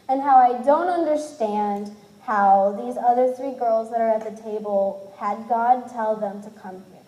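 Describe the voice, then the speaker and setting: A woman's voice: mid-range voice, warm tone, roomy sound, in a large hall, rough recording. A woman in her twenties from Cincinnati, candidly telling a personal story with self-deprecating humor and acting out what others said. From Cincinnati, USA. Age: 20s. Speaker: speaker sharing her testimony.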